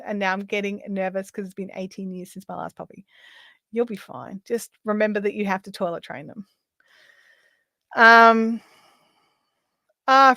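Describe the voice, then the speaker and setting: A middle-aged Australian woman hosting a live craft stream, chatting casually and telling stories as she works, often trailing off into quiet asides. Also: a little high, dry recording. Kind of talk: casual chat while crafting.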